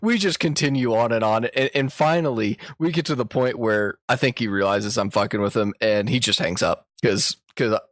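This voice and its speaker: A young man co-hosting a casual podcast, telling an animated story. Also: mid-range voice, moderate pace, hardly any pauses, no echo, clean studio sound. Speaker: podcast co-host. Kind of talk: casual chat.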